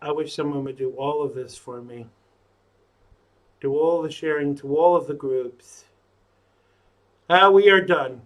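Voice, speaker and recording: This live-stream host mutters casually to himself ahead of the show in a medium-pitched, dark-toned voice. His delivery is steady and moderately paced.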